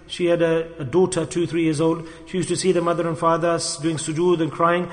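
A man preaching a sermon with passion, swinging between loud calls to the listeners and hushed asides. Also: a little high, flat delivery, brisk. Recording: echoey hall with long reverb.

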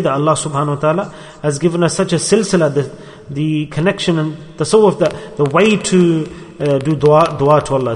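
A man preaching an earnest sermon, circling back to repeat his points and sprinkling in Arabic and Urdu religious words. His voice sits somewhat high for a man. The sound carries a long reverb. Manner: earnest, repetitive, mixes Arabic and Urdu terms. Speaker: religious teacher.

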